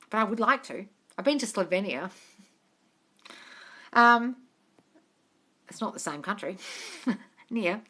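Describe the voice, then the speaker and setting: A young woman working as a manifestation coach reads viewer comments aloud on a live stream and answers them, frank and chatty, swearing freely and calling her viewers darling. Her mid-range voice is bright and forceful, recorded on a phone held at arm's length.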